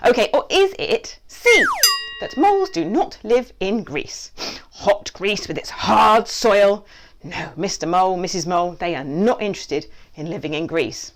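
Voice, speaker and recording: A children's author hosts a playful kids' quiz from the basement of her home, her voice on the low side at a moderate pace. She's animated and jokey, trying silly mock accents and tossing in asides.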